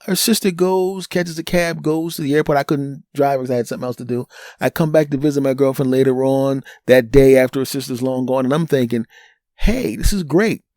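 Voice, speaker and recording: Recorded at studio quality without any room sound, a solo podcast host with a Northeastern US accent talks fairly quickly in a medium-pitched voice. He narrates a story with animation, voicing the characters he quotes.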